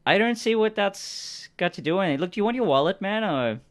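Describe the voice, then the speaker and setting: A man's voice: high-pitched, lively intonation, fairly quick, pitched above the performer's own voice. A man voicing a shifty, fumbling male liar with a made-up name, stammering and stalling with lots of ums while he improvises a tabletop role-play. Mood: defensive.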